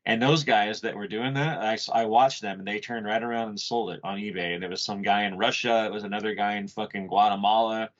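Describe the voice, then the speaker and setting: A man's voice: lowish voice, brisk, few pauses. A man co-hosting a podcast in casual chat, rambling and swearing freely. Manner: profane, rambling, animated. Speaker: podcast co-host. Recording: muffled lo-fi audio.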